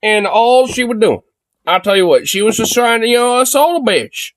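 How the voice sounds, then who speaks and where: A man putting on a deep, drawling Southern voice as a joke. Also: lively intonation, normal speed, fairly bright tone.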